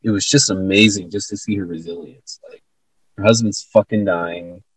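A man's voice: lowish voice, fairly even intonation, normal speed, breathy edge, no room sound, poor audio. A man co-hosting a podcast, earnestly retelling a conversation with many fillers and restarts. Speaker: podcast co-host. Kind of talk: casual conversation.

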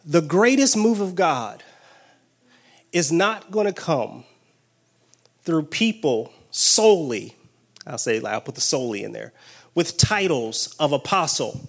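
A man preaching a sermon with excited exclamations and call-and-response energy. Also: on the high side, takes it slowly, vocal fry, pauses often.

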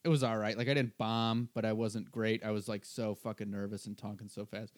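Animated male comedian telling a story. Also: lowish voice, a little fast, dry recording. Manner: animated, acts out the other people's lines. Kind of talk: casual podcast storytelling. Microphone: podcast microphone.

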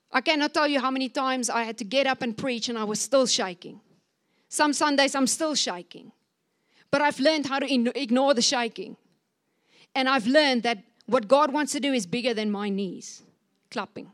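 A woman's voice: sits high, normal speed. A woman preaching a sermon in a church service, fervent and exhorting, acting out scripture quotes with a raised voice.

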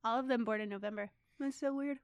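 A woman's voice: on the high side, fast talker, smooth, dry recording. A woman co-hosting a podcast, chatting easily and laughing often. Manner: easygoing, laughs often, reads things aloud. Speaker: podcast co-host. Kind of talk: casual chat.

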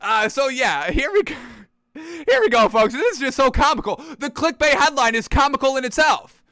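At a normal speed, a man with a very high-pitched, sharp voice and big pitch swings hosts a sports show. He mocks football teams and players in a brash, animated rant, addressing viewers as "folks," with no room sound.

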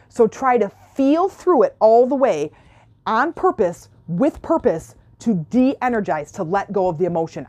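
A woman's voice: medium pitch, lively intonation, moderate pace, a little mellow. A woman coach giving a motivational self-help talk, emphatic, repeating key phrases and acting out the questions people ask her.

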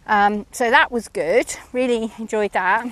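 A woman's voice: a little high, measured pace, fairly bright tone. A woman chatting casually about her lesson, rambling and self-mocking, with frequent ums. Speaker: horse rider reviewing her lesson. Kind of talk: casual chat.

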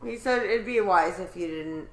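A woman in crude, joking casual banter, quick to trade insults. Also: mid-range voice. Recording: roomy echo.

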